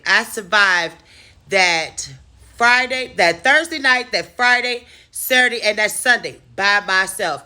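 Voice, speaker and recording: Bright-voiced woman telling a dramatic story. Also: medium pitch, takes it slowly. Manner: animated, profane, dramatic storyteller. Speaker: storytime vlogger. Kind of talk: casual storytelling.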